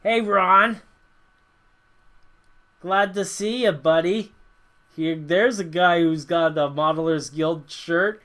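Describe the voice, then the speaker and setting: A man's voice: a little high, takes it slowly, long pauses, fairly bright tone. A man from North America hosting a casual livestream Q&A, rambling with lots of fillers and frequent chuckles. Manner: rambling, laughs often, many fillers. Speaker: livestream host.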